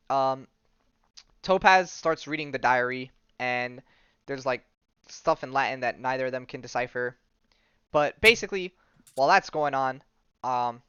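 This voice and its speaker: A man with a smooth, resonant voice, recorded dry and close with no room sound. He talks in a loose, joking way and retells the story with plenty of ums and likes. The mic sounds a little dull and lo-fi. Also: mid-range voice, moderate pace, long pauses, fairly bright tone, no echo. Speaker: podcast host. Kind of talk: casual comic-book recap.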